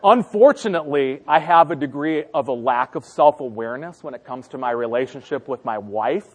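A man's voice: mid-range voice, expressive, a little fast, slightly rough. A man in his thirties preaching a sermon, telling a family story and acting out his family's lines with frequent laughter. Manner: laughing often through the story. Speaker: pastor.

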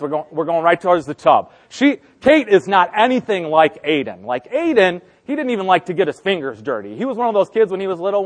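A man in his thirties preaching a sermon, telling a family story and acting out his family's lines with frequent laughter. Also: fairly high pitch. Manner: laughing often through the story. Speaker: pastor.

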